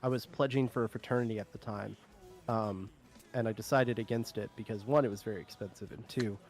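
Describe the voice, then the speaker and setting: A man's voice: on the low side, steady tone, a little fast, a little mellow, soft background music. A man from South Carolina with a Southern accent, rambling through casual stream chat and laughing often. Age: adult, former military.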